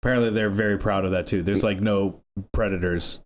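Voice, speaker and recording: A young man with a somewhat low voice adds dry, wry remarks to a casual chat. A faint background hiss runs under him. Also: fairly even intonation, brisk. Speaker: podcast co-host.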